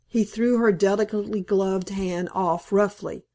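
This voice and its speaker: A woman reading a classic novel aloud as an audiobook narrator, in a measured, composed manner. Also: medium pitch, fairly even intonation, warm tone.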